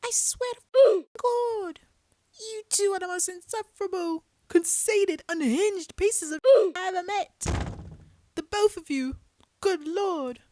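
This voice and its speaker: A woman voicing a furious young woman in a put-on British accent, shouting theatrical insults. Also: extremely high pitch, slow, no room sound, voice pushed up.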